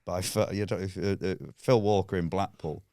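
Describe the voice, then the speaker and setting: A man telling a comedy anecdote on a podcast, animated and sweary, acting out voices. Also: sits low, normal speed, smooth, dry recording, clean studio sound. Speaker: stand-up comedian guest. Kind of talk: casual podcast storytelling.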